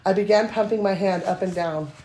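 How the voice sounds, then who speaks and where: Breathy lady reading steamy fiction out loud, bit shy about it. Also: mid-range voice, brisk. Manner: self-conscious, giggly between passages. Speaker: guest reader. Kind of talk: reading erotic fiction aloud.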